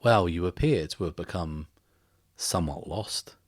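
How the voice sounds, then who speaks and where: Man voicing a menacing stranger, deep, slow, measured, quietly incredulous, dry close sound. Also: no room sound. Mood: quiet menace. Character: mysterious, menacing man, soft-spoken and calmly threatening.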